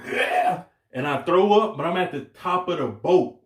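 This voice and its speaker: A young man telling a casual story on his channel, slangy and animated, laughing as he goes. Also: fairly high pitch, unhurried, echoey room. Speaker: vlogger.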